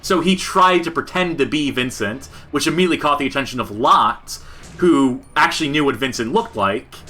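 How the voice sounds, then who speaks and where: A man co-hosting a podcast, giving joking, animated commentary on a game. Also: mid-range voice, moderate pace. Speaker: podcast co-host.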